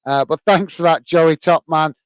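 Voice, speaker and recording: A man with a fairly high-pitched voice talks at a normal pace, recorded dry. As the English host of a live football watch-along, he chats with his viewers, gives loose play-by-play with lots of fillers, and lets out shouts at goals.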